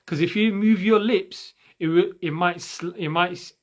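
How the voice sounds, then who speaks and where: In a recorded recitation lesson, a man with a high-sitting voice patiently teaches Quran recitation rules at normal speed. He demonstrates and repeats sounds for the listener.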